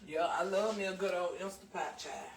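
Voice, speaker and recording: A woman's voice: fairly low pitch, normal speed, gravelly. A talkative Southern woman with a Southern American accent is chatting through a live cooking stream. She rambles in a folksy way, reading viewer comments and calling everyone baby and child. There is a faint hiss of background noise under her voice. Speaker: cooking livestream host.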